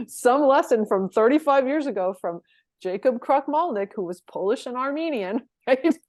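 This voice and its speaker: A woman's voice: high-pitched, expressive, takes it slowly, dry recording. A middle-aged woman performance coach, telling stories as a guest in a conversational interview and laughing often between phrases.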